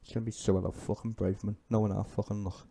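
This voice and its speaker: Gravelly, sweary man. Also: on the low side, little pitch movement, very fast, dark tone. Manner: sweary, ranting and sardonic. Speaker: live streamer. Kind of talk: profane live-stream political commentary.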